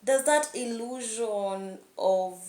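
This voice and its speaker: A woman's voice: on the high side, slow, a little mellow. A young woman talking candidly in a rambling vlog monologue, laughing often. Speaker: vlogger. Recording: echoey room.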